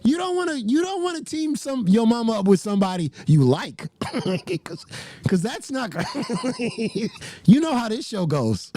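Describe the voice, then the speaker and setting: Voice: medium pitch, wildly swooping pitch, slow, mellow. A livestream host chatting casually with viewers, laughing often and swearing freely.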